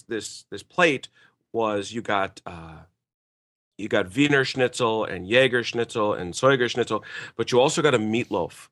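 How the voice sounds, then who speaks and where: A man's voice: medium pitch, fairly bright tone. A man in casual chat, telling long rambling stories with frequent stammered restarts.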